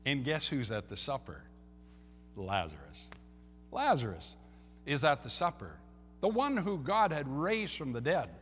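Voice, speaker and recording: A man preaching a sermon as a pastor, swinging between loud and soft and repeating key phrases. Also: medium pitch, measured pace, long pauses, big-room sound, faint music behind. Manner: lively preaching, rising and dropping in loudness, repeats phrases.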